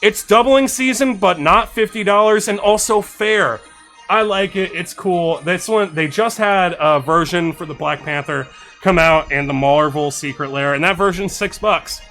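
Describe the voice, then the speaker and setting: A bright-voiced man chatting on a live stream, his pitch sitting a little high. He thanks followers and reads out text in quick, excited bursts. Soft music plays faintly behind him. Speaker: streamer reviewing card suggestions. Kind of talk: casual live-stream chat. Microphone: desk microphone.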